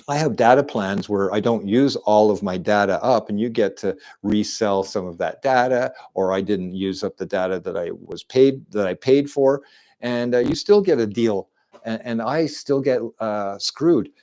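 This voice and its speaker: A man's voice: lowish voice, moderate pace, a little mellow. A middle-aged man, talking at home into a desk microphone in a rambling, repetitive stream monologue full of restarts. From Canada. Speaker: live streamer. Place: at home indoors.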